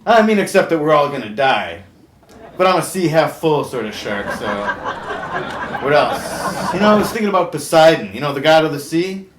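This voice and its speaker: A man playing a goofy, punning male shark who hosts a comedic late-night talk show, delivering a deadpan monologue and chuckling at his own jokes. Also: a little high, moderate pace, a loud crowd. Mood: wry. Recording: roomy echo with faint background hum.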